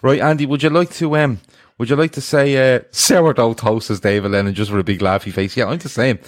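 A man's voice: medium pitch, steady tone, quick pace. A man with an Irish accent hosting a podcast in casual, blunt, teasing chat, swearing freely. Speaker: podcast host.

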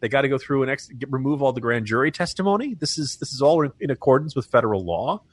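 A man's voice: mid-range voice, animated, quick pace. A man co-hosting a political talk podcast, chatting wryly and often laughing at his own jokes. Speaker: podcast co-host, political commentator. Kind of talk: casual political chat.

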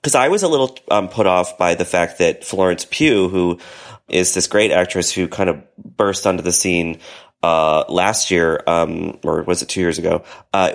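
A man co-hosting a podcast in casual chat, laughing easily and talking with lots of fillers. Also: sits low. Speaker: podcast co-host.

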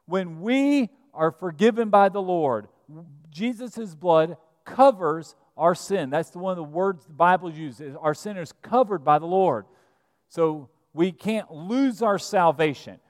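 A man's voice: sits high, measured pace. Man preaching in a reverberant church. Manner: storytelling, animated retelling of scripture. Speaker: pastor. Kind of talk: sermon. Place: church sanctuary. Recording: church sanctuary with long reverb.

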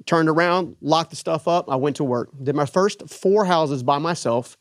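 A man telling his own story in an interview, animated, acting out the voices of the people in it. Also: a little high, moderate pace, no room sound, studio quality. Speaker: business owner guest.

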